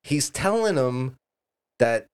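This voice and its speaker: A man's voice: medium pitch, slow, a little hiss or hum. Swearing man telling street stories. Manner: animated, swearing, acts out voices in stories. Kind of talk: casual profane storytelling chat.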